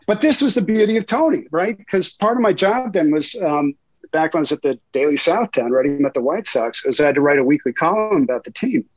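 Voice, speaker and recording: A man's voice: a little high, expressive, quick pace, no room sound, low-quality recording. A middle-aged man and guest reporter telling profane anecdotes in a casual interview, laughing often.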